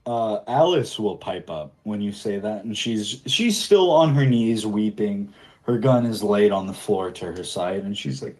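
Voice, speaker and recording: Animated man running a tabletop game. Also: fairly low pitch, unhurried. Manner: lively, animated narration with fillers. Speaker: game master.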